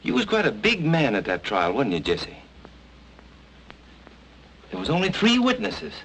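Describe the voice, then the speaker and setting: A man's voice: a little high, huge pitch swings, measured pace, creaky, fairly bright tone, a little hiss or hum, heavily acted, poor audio. An actor playing a determined young Southern man in a 1940s film, pressing hard with an insistent manner. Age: young adult. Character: determined young swamp-country man, stubborn.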